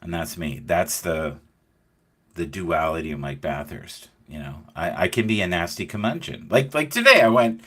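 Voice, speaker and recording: A middle-aged man hosts a relaxed conversation, his low voice swinging widely in pitch as he tells stories. His tone is bright and forward, and he jumps into the voices of the people he describes. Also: normal speed. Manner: animated storyteller acting out quoted voices. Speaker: host. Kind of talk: casual chat.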